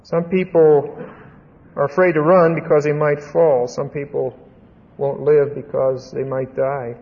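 A man's voice: fairly high pitch, level tone, unhurried, gravelly. A man preaching a Bible teaching sermon, speaking conversationally and with emphasis, often checking in with his listeners. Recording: dull lo-fi recording with long hall reverb.

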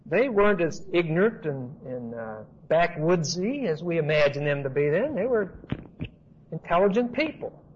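A man's voice: a little high, very animated, moderate pace, slight background noise. A man teaching a Bible study in an emphatic, repetitive, conversational way. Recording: dull lo-fi recording.

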